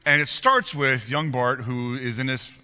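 A man in his forties preaching a sermon and telling a personal story, earnest and animated, often restarting and repeating words. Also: mid-range voice, measured pace, smooth, big-room sound. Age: 40s. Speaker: pastor.

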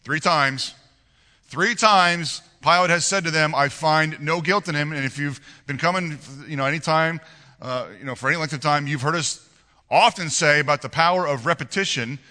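A man preaching a sermon as pastor, reading scripture aloud and explaining it with animated rhetorical questions to the congregation. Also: on the high side, moderate pace, big-room sound.

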